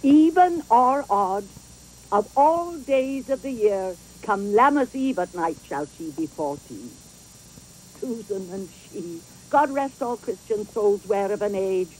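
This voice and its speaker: A garrulous old nurse rambles fondly through her memories in a slow, unhurried stage delivery. Her voice swoops widely from low to high, chuckling as it goes. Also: expressive, a little mellow, slight background noise, poor audio. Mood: fond rambling. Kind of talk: theatrical Shakespeare performance.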